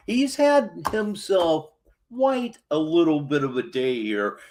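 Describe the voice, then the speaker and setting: A man's voice: on the high side, wildly swooping pitch, slow, a little mellow. A sardonic showman-like male host. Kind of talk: show commentary.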